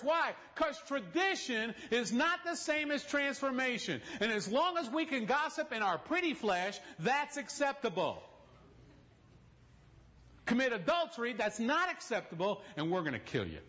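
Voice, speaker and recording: A man's voice: extremely high pitch, big pitch swings, moderate pace, sharp tone. A man preaching a sermon in a church, telling stories with direct appeals to the congregation and humorous asides. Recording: dull lo-fi recording.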